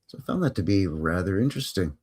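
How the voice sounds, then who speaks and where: A man's voice: low-pitched, expressive, fast, a little mellow, husky. Guy hosting a live history stream, chatty and joking, voice goes up and down a lot. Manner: chatty, joking, rambling asides. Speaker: host.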